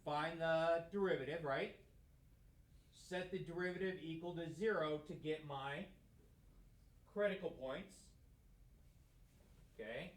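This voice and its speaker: A man's voice: a little high, slow, long pauses. A man giving a math lecture in a classroom, talking casually and asking questions that he answers himself. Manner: conversational, asks questions and answers them himself. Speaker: math teacher. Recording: echoey room.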